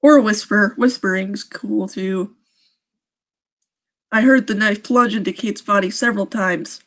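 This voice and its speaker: A woman's voice: medium pitch, measured pace, fairly bright tone. Giggly young woman reading a creepy story. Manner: giggly and sarcastic, often breaking off to laugh. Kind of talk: live-stream story reading with joking asides.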